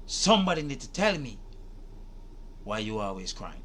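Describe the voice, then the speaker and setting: A man's voice: fairly low pitch, sing-song, moderate pace, long pauses, a bit bright, slight background noise. A man giving emphatic, rhetorical commentary on a video, repeating his questions and swearing as he makes his point. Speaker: reaction video host. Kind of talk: animated commentary to camera.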